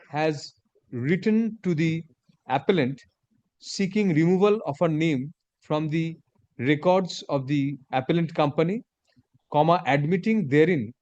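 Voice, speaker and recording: Man, judge, measured dictation, punctuation read aloud, fairly high voice, dry sound. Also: darkish tone, no echo, muffled recording. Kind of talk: dictating a court order. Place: courtroom.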